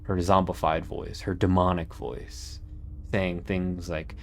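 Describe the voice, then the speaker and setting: A man narrating a scripted video essay in an earnest, measured way with dramatic pauses. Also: low voice, level tone, noisy background. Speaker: YouTube narrator.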